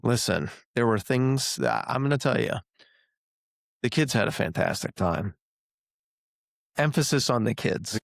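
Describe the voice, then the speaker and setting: Playfully exaggerating as he tells stories, a thirtysomething podcast host keeps the chat casual and animated. His medium-pitched voice is creaky, captured in a dry, studio-quality recording.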